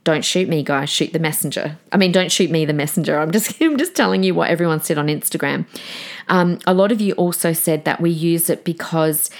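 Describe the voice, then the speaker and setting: A deep-voiced woman in her forties talks straight to her listeners on her own podcast. She is chatty and frank, with a low, grounded pitch. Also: fairly quick. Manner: chatty, direct, addresses listeners as guys. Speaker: podcast host. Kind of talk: solo podcast talk.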